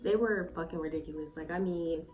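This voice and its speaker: A woman's voice: sits low, brisk, darkish tone. A woman giving a casual, rambling review at home, swearing freely and filling her speech with "like" and "um". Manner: chatty, swears freely, lots of "like" and "um". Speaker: beauty vlogger. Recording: slightly distant mic with faint music.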